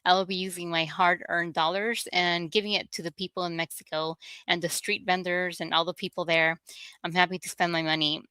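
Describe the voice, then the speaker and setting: Woman guest on a podcast, friendly and wry, bright dry tone. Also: on the low side, little pitch movement, brisk, clean tone, no room sound. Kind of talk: casual podcast chat.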